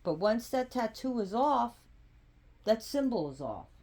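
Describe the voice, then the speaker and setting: Slow, halting woman explaining spiritual cards. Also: a little high, very animated, darkish tone. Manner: unhurried and halting, with frequent restarts. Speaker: spiritual practitioner presenting oracle cards. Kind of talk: casual spiritual vlog explanation.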